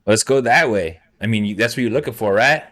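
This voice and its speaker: A man's voice: fairly low pitch, brisk, a bit bright. A man playing a laid-back, friendly cowboy with a put-on drawl who stumbles over his words and swears casually. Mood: easygoing.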